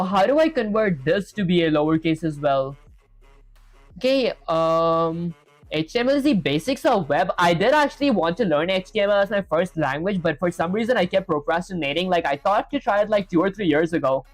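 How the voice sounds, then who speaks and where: A man's voice: high-pitched, no room sound. A young man livestreaming as he codes, thinking aloud and reading out chat to viewers in a casual way. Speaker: livestreaming programmer. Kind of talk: casual live coding chat.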